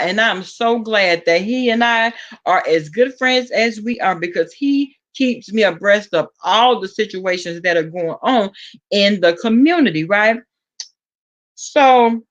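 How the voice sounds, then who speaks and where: A woman with a Southern US accent telling a gossipy story to her viewers in a casual vlog, acting out the quotes with sudden jumps in her voice. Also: highs cut off. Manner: animated gossip, acts out quotes with big pitch jumps. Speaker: vlogger.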